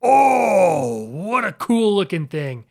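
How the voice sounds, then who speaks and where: A man's voice: high-pitched, very animated, slow pace, creaky, darkish tone. A man hosting his own video, giving casual, playful commentary as he ranks flags, with frequent exclamations and chuckles. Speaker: YouTube host.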